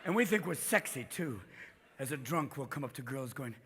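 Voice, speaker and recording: A man's voice: medium pitch, lively intonation, noisy background. A man in his fifties doing manic stand-up comedy on a theater stage, leaping into voices. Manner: manic, rapid-fire, leaps into voices. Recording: live theater with long reverb.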